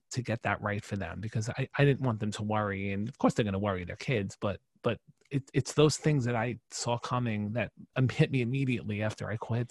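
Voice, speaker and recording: A podcast guest in his forties tells a personal story, emphatic and animated, restarting often. He has a medium pitch, and the recording is dry.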